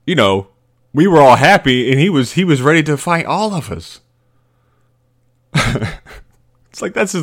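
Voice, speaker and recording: A young adult man hosting a podcast, telling a story in a rambling, casual way with lots of fillers, restarts and laughs. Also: a little high. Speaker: podcast host.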